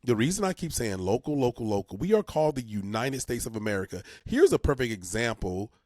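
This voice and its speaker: This talk radio civics segment features a man co-hosting a community show, folksy and emphatic, with repeated words for emphasis. He speaks at medium pitch, very animated and a little fast, with a darkish tone. The sound is dry and studio quality.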